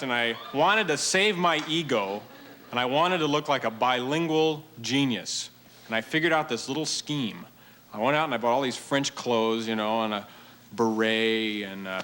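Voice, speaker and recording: A man doing a stand-up routine on a TV stage, telling his story in a deadpan, mock-earnest way to a live audience. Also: medium pitch. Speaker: stand-up comedian. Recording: TV studio with audience laughter and noise.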